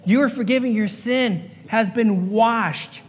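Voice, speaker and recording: Brief: male preacher and chaplain, high-pitched, earnest repeating delivery, recorded in an echoing church hall. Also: takes it slowly. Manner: earnest, repetitive, acts out little voices for illustration. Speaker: pastor and fire chaplain. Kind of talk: sermon. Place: church sanctuary. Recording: long hall reverb.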